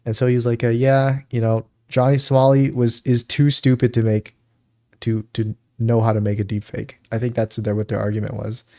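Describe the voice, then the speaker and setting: Telling a rambling story on a podcast he co-hosts, this man laughs a lot and keeps breaking off to perform other people's lines. His mid-range voice is dark and delivered flatly, a little fast.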